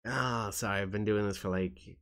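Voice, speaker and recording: Soft-spoken tired man, low voice. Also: steady tone, clean tone. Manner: soft-spoken, halting, with frequent restarts. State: tired and in pain. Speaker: YouTuber. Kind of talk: casual talk to camera.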